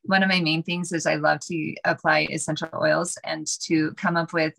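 Low, gravelly woman speaking earnestly. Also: level tone, fairly bright tone. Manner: earnest, halting, many ums. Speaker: healer, guest. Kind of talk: casual group chat.

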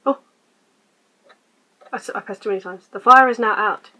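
A woman hosting a casual let's-play, quietly reading game text aloud and muttering her choices. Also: mid-range voice, moderate pace, low-quality recording. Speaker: gaming channel host.

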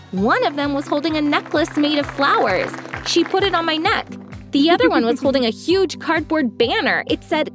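A young woman narrating a first-person story in a scripted, expressive way. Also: high voice, normal speed, over music.

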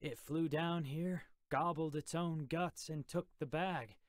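A man's voice: fairly high pitch, fairly even intonation, takes it slowly, no echo, clean studio sound, pitched above the performer's own voice. A man voicing a flustered, helpless teenage boy sidekick in an audiobook, sounding defensive. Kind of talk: audiobook character voice.

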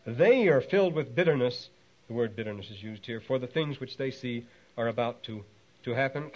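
A male lecturer in a hall, caught on a dull, lo-fi 1960s tape. He speaks at a middling pitch, wanders from point to point with fillers and restarts, and lifts his voice when he reads a quotation aloud. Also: expressive, a little fast. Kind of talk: university lecture on ancient texts.

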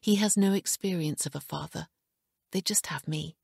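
A woman voicing a gentle, caring mother who speaks in a hushed, soothing way in an audiobook. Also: on the low side, moderate pace, gravelly, slightly rough, no room sound, clean studio sound. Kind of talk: audiobook character reading.

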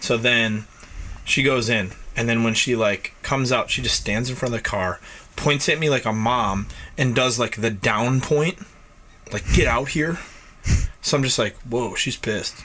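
A man in his late thirties from North Tonawanda, New York, co-hosts a podcast and tells a profane story with plenty of laughter in casual chat. His medium-pitched voice has a sharp tone and an unhurried pace.

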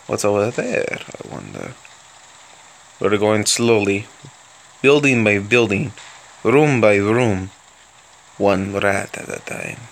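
Man, young adult, gameplay commentary, playful fake Russian accent, slow delivery, very lively swooping pitch. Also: vocal fry. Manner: playful mock Russian accent put on throughout; excitable outbursts during battle. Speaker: gaming video host.

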